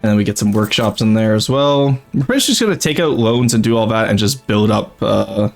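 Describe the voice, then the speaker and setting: Soft background music accompanies a young man streaming a strategy game and talking casually to his chat, rambling and laughing often. His voice is lowish and gravelly, brisk, with lively intonation.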